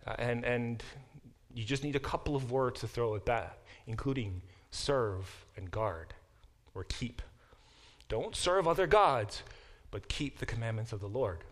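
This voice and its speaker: A middle-aged man teaching a class, explaining with lively examples and frequent restarts. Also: mid-range voice, unhurried. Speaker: professor teaching a Bible class. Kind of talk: classroom lecture.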